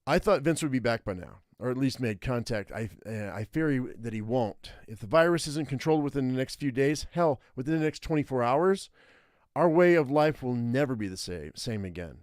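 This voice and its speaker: A man reading the lines of a firm, friendly young woman in a zombie story game, raising his voice a little higher for her. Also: lively intonation, moderate pace, darkish tone, dry recording, studio quality, natural voice. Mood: somber.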